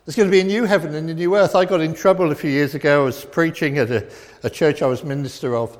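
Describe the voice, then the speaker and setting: A middle-aged Englishman delivers a fast sermon full of emphatic, repeated declarations, swinging from loud proclamations to quiet reflection. His slightly high voice rises for big points and drops low for soft ones, and a long reverb trails each phrase as if in a large church hall.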